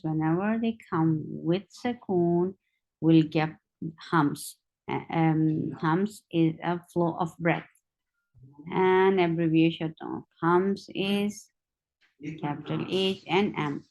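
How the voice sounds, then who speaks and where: A woman teaching Quran recitation, sounding out each word slowly and repeating it several times. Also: lowish voice, steady tone, a little mellow, dull audio. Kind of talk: slow tajweed lesson with drilled repetitions.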